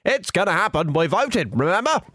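A man's voice: high voice, big pitch swings, fairly quick, a bit bright, no room sound, clean studio sound, heavily acted. A man doing a comedy impression of a pompous, blustering right-wing talk radio host.

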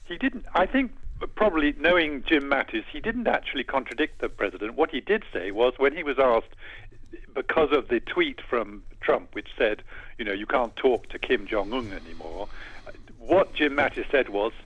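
A male defense analyst talks through events in a measured, explaining way, often restarting his phrases. His voice is husky and sits at an ordinary pitch. The sound comes over a dull, lo-fi broadcast line with a dry, close feel. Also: lively intonation, a bit bright, no echo. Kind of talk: radio news interview.

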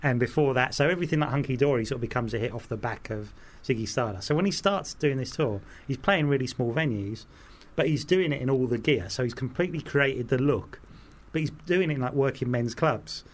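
A man chats casually and tells a long, winding anecdote. He fills it with "like" and "um" and acts out the voices of the people in the story. His pitch sits in the middle range. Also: expressive, a little fast, hardly any pauses. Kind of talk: casual chat.

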